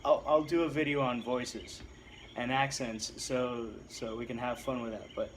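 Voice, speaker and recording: A man's voice: medium pitch, steady tone, normal speed, slight background noise. Rambling man in his thirties from Puerto Rico. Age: 30s. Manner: rambling and self-deprecating, with frequent restarts. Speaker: writer answering viewer questions. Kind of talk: casual Q&A vlog.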